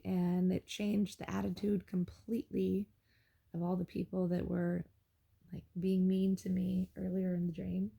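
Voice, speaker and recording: A young adult woman casually retelling a dream for her journal, rambling and animated. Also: lowish voice, gravelly, husky. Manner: rambling and animated, with laughs and restarts. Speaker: vlogger.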